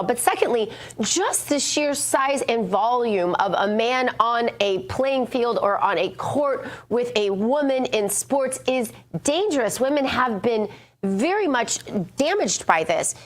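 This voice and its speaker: A woman co-hosting a morning political show, talking in an animated way with many fillers. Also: a little high. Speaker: co-host. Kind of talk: opinionated morning-show talk.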